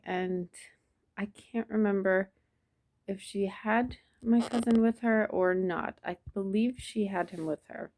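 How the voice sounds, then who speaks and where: Woman, low voice, soft-spoken, halting, reflective storytelling. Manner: soft-spoken, reflective, many pauses and restarts. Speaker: vlogger. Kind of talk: personal storytelling to camera.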